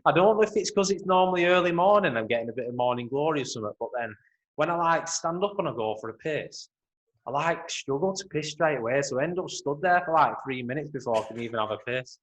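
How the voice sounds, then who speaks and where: A young man co-hosting a podcast, chatting casually with relaxed, sweary banter. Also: fairly high pitch, fast talker, low-quality recording. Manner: laid-back sweary banter. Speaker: podcast co-host. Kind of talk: casual chat.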